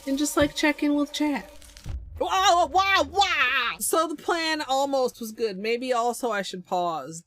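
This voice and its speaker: A woman's voice: sits high, unhurried. A woman streaming casually, cracking crude jokes and exclaiming playfully. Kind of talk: casual livestream chat.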